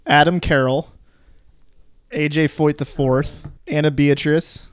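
Upbeat guy running a trivia game on a podcast, bit higher voice, crisp. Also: fairly even intonation. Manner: upbeat, quizmaster, quick asides. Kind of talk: casual chat.

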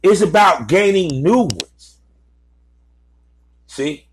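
A man's voice: high voice, very animated, drawn-out words, a little hiss or hum. Blunt, profane man lecturing. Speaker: vlogger giving advice to content creators. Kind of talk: casual ranting commentary.

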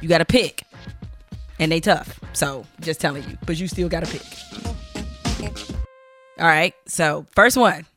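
A woman podcast host running a playful, teasing quick-fire game with her guest. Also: deep voice, over music. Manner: playful, teasing, laughs easily. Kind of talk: casual interview chat.

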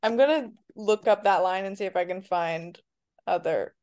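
A woman co-hosting a podcast in casual chat, halting with fillers and restarts. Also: medium pitch, darkish tone. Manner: hesitant, many fillers and restarts. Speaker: podcast co-host.

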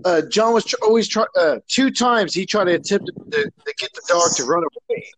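A man chatting casually, halting and restarting as he talks. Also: sits high, huge pitch swings, fairly bright tone, dry recording, poor audio. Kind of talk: casual chat.

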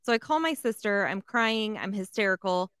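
Lady from san antonio telling a wild story, swears a lot, super animated, dry sound. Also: medium pitch, moderate pace, clear, resonant tone, dry recording. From San Antonio area, Texas. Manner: animated, swears freely, acts out other people's lines. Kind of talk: casual storytelling chat.

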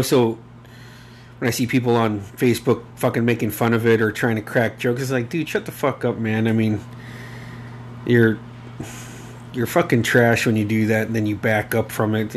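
A man's voice: medium pitch, slight background noise. A man in his thirties hosting a casual solo podcast, rambling and emotional, swearing freely and using many fillers. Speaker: podcast host.

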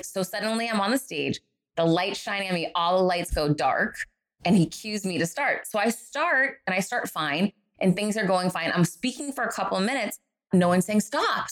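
Animated woman telling a story. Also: medium pitch. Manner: animated, acts out quoted voices. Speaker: guest, author and speaker. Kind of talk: storytelling in a podcast interview.

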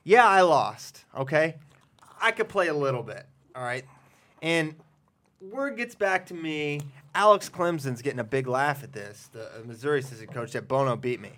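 A man hosting a casual chat, telling stories in an animated way and laughing often. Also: on the high side, normal speed. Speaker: host.

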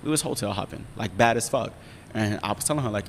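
A young man telling a long personal story in casual chat, profane and animated, often checking in with his listener. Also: on the low side, fast, gravelly, long reverb tail, a little hiss or hum. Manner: profane, animated storytelling with frequent "you feel me". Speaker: podcast storyteller.

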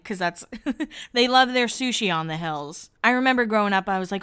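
A woman's voice: fairly high pitch, a little fast, fairly bright tone, smooth. A young woman from Boston hosting a podcast, recapping an episode in a chatty way and acting out the lines of the people in it. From Boston area, United States. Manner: chatty, quotes others in little voices, laughs often. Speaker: podcast host. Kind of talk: casual recap chat.

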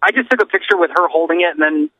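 A man's voice: fairly high pitch, rapid-fire, slightly rough, no room sound, phone-quality sound. A man co-hosting a casual comedy talk show, musing in an easygoing way. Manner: easygoing, musing, wide-ranging intonation. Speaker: podcast co-host.

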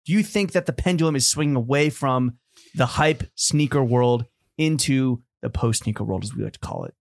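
A man's voice: mid-range voice, lively intonation, normal speed, vocal fry. A man co-hosting a casual podcast, brash and joking, swearing freely. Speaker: podcast co-host. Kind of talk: casual chat.

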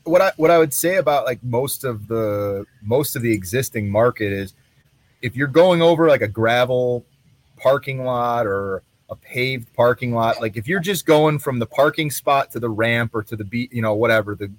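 A man's voice: mid-range voice, expressive, normal speed, no room sound. Man talking loosely, dry sound. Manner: loose, repeats and restarts phrases. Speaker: company representative. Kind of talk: casual chat.

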